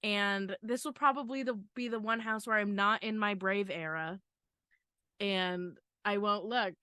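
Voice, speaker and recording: A woman co-hosts a casual podcast chat, her mid-range voice fairly even in intonation, a little slow, bright and forceful, and clear and resonant in clean studio sound with no echo. She comes across as chatty, nervous, and giggly, using many fillers like "um" and "like."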